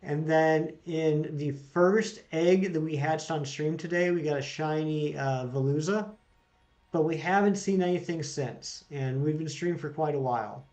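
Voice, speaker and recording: A man's voice: a little high, a little slow, a little mellow. A man running a casual live stream, reading out jokes from chat and greeting viewers by name as he plays.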